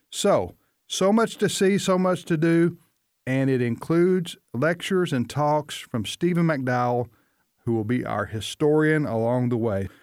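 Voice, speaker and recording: A man's voice: a little high, dry recording, studio quality. A man hosting a radio talk show and reading promos in an upbeat, announcer-like way. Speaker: radio host.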